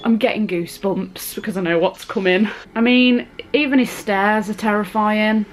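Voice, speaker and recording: A woman's voice: mid-range voice, steady tone, normal speed, soft background music, rough recording. A young woman talking through a scary film as a vlogger, gasping, squealing and chatting in a casual reaction vlog.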